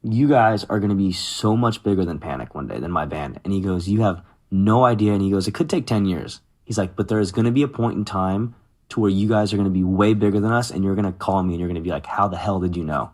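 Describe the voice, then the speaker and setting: Low-voiced and quick, a thirtysomething man tells tales from his music career during a casual interview. He performs the words of others in lively voices, staying animated throughout.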